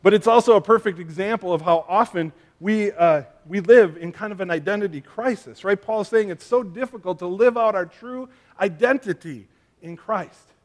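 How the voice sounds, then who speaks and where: A man with a fairly high voice preaching a sermon. He talks in a loose, conversational way, full of fillers and asides, and he mixes humor from family stories into his teaching. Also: moderate pace. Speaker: pastor.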